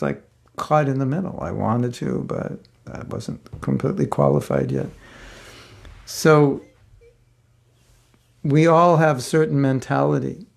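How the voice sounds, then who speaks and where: A man's voice: medium pitch, gravelly, darkish tone. An older man giving a spiritual class, telling a personal story in a rambling, conversational way with many fillers. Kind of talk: casual storytelling lecture.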